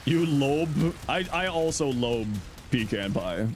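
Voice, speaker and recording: A man's voice: medium pitch, lively intonation, slow pace, soft background music. A middle-aged man chatting casually on his livestream, answering chat in a playful, teasing way and laughing often.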